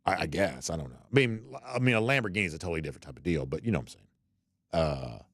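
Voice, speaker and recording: A man's voice: low voice, lively intonation, very fast, a bit bright, breathy edge, no room sound, clean studio sound. A man hosting a sports talk show, chatting loosely with many fillers and restarts as he reads out listener comments. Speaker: podcast host.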